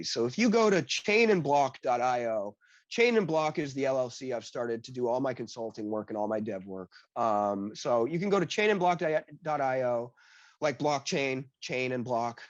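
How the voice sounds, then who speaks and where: A man being interviewed as a developer, telling animated stories in casual chat, acting out quoted dialogue and leaning on "like" fillers. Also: medium pitch, no room sound, lo-fi sound. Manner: heavy use of "like" fillers. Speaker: guest, blockchain developer.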